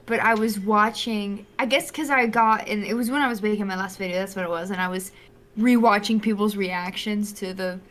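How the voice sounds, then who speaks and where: A woman who makes videos, a podcast guest telling animated stories in casual chat and laughing often. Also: medium pitch, brisk.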